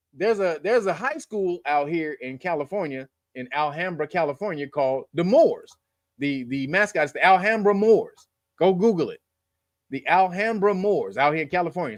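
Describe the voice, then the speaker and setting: A California man hosts his own channel, offering loose, profane, joking political commentary and laughing at his own lines. His voice is a little high, captured in a dry, clean studio recording.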